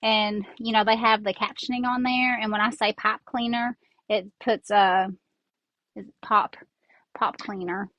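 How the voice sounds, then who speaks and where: Her sinuses leave this Southern-accented craft host a bit congested as she chats and rambles casually, hands busy with a craft. Her fairly high voice is steady, a bit bright and moderately paced. The earbud mic audio sounds dull, with no echo.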